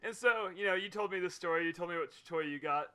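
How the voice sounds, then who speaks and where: A man's voice: high-pitched, fast, pushed and bright, clean tone. A man, a podcast co-host, chatting casually and jumping in with playful riffs. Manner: laughs easily, jumps in with playful riffs. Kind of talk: casual chat.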